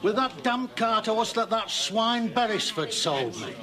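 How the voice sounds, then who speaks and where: A blustering farmer. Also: male voice, high voice, lively intonation, measured pace, crowd noise. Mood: indignant. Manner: blunt, gleeful, miming animals. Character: blustering comic old farmer complaining of swindle.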